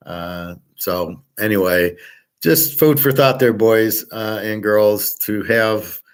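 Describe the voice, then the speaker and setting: A man's voice: lowish voice, takes it slowly, clean tone. A middle-aged man talking in a blunt, profane, rambling way, full of fillers, as host of a casual monologue.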